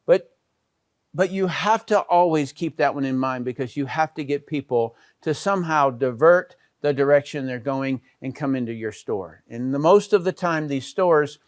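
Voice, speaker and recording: A middle-aged man walks through business models in a relaxed teaching talk, often pausing to check in with his listeners. His voice is smooth and resonant, sitting a little high for a man. The sound is dry and close, with no room around it. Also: no echo. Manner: conversational, with frequent "okay" and "all right" check-ins. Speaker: business educator. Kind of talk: explanatory talk over slides.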